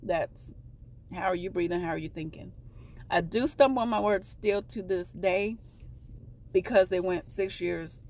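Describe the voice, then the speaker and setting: A woman vlogger telling a personal story in a casual, rambling way, often halting to correct herself. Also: on the low side, darkish tone.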